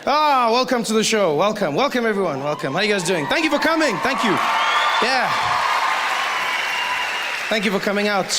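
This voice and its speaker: A man with a South African accent performing a stand-up set, animated and full of exaggerated asides. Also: high-pitched, normal speed, long pauses. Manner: animated, jumps into mock voices and exaggerated asides. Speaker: stand-up comedian. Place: theater stage before a live audience. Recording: live hall with crowd and hiss.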